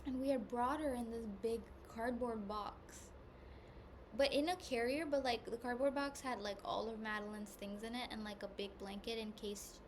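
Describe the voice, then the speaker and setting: A woman podcast host telling a personal story in a candid, rambling way, with lots of "like", at times hushed and at times loud. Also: a little high, steady tone, moderate pace. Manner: rambling and candid, heavy use of "like", swings between hushed and loud. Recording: noisy background hiss.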